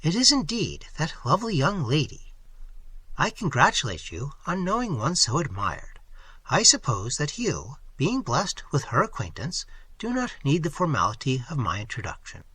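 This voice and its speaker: A prim, fussy master of ceremonies, all bows and polite curiosity, voiced by a male reader. His questions lift high and brightly, with a slightly husky grain underneath. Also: wildly swooping pitch, moderate pace, dry recording, full character voice. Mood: polite, prying. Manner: fawning, polite, prying.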